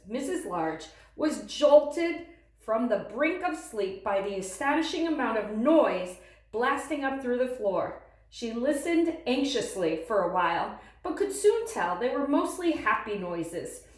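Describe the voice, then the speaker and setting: A woman's voice: fairly high pitch, roomy sound, low-quality recording. A woman reading a picture book aloud expressively, with asides to her listeners. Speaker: storybook reader.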